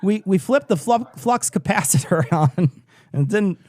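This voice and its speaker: A man's voice: sits high, expressive, unhurried, darkish tone, no echo. A man from Illinois co-hosting a casual political livestream chat, joking and laughing often as he talks. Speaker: livestream co-host.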